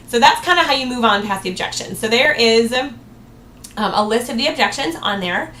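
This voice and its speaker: A woman with a fairly high voice gives a sales training talk in an upbeat tone. She acts out cheerful sample replies to customers. The room is echoey, with a faint hiss behind her. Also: expressive, a little fast, bright, forceful tone.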